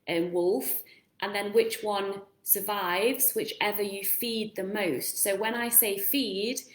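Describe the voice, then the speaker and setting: A woman coaching viewers in a casual live-stream talk, earnest and encouraging, asking them lots of questions. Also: mid-range voice. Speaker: self-help coach. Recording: roomy echo.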